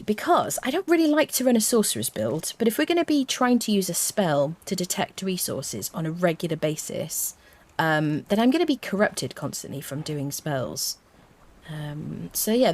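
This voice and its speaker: A woman streaming a video game, chatting to her viewers and humming little tunes to herself as she plays. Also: fairly low pitch. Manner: chats to viewers. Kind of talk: casual live-stream chat while playing.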